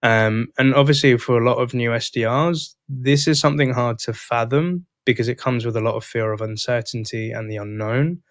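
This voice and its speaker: A man hosting a podcast, telling a coaching story in a casual, animated way. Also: medium pitch, moderate pace, few pauses, dry recording, studio quality. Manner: animated, acts out both sides of dialogues. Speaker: podcast host and sales coach.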